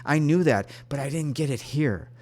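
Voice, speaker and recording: A man's voice: fairly high pitch, lively intonation, moderate pace, darkish tone. A man who works as a spirit guide, earnestly and emotionally telling a personal spiritual experience to his channel, often restarting his sentences. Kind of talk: personal spiritual storytelling to camera.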